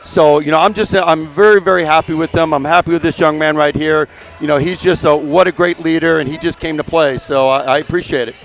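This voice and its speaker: A man working as a high school basketball coach, giving a post-game interview in a loose, rambling way that leans on "you know.". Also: steady tone, fairly quick, faint music behind. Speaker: head coach.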